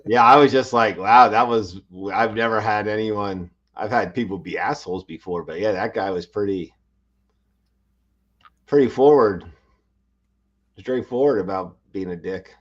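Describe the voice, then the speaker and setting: A man's voice: fairly low pitch, normal speed, pauses often. A man from Pennsylvania telling laid-back, profane stories in a casual livestream chat. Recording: dull lo-fi audio.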